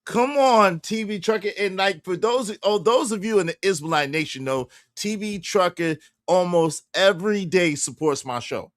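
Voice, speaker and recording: A man hosting a casual livestream from his car, animated and repetitive, shouting out his viewers. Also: high voice, normal speed, hardly any pauses, no echo, clean studio sound. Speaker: livestream host.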